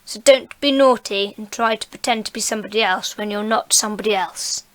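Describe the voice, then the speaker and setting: A woman's voice: medium pitch, a little fast, a bit bright. A woman hosting a casual gaming podcast, chatty and often laughing as she reads out event details. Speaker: podcast host.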